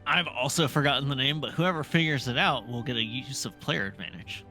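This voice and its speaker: A man's voice: medium pitch, fairly quick, pushed and bright, faint music behind. A man voicing a tired female siren who works in a bakery, speaking in a drowsy way. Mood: weary.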